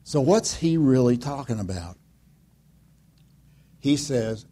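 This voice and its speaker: A man preaching a sermon in a lively, conversational way, full of rhetorical questions and quiet, pointed emphasis. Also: medium pitch, slow, pauses often. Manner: conversational, acts out voices of listeners and Jesus. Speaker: pastor.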